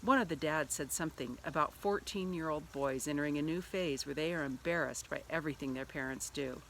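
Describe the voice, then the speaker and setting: A woman's voice: low-pitched, a little fast, a little hiss or hum. A middle-aged woman giving a church devotional through a personal story, acting out the lines she quotes. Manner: lively storyteller who acts out quoted lines.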